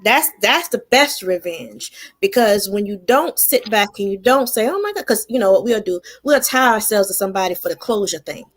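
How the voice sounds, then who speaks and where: A woman tarot reader talking casually on a radio show, animated and affirming, often laughing. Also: mid-range voice, moderate pace, hardly any pauses.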